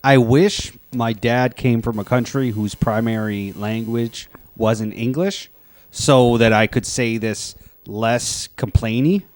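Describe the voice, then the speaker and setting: A man co-hosting a podcast, chatting casually and agreeing readily with quick yeahs. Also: medium pitch, dry recording. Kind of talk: casual chat.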